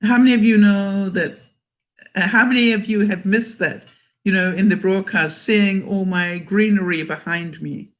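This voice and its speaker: A woman's voice: mid-range voice, fairly even intonation, normal speed. Chatty older woman vlogger. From Canada. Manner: chatty, laughs often, reads viewer comments aloud. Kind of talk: casual livestream chat.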